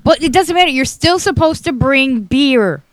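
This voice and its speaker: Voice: sits high, animated, moderate pace. A co-host in a casual chat, teasing the others with dry quips. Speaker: show co-host.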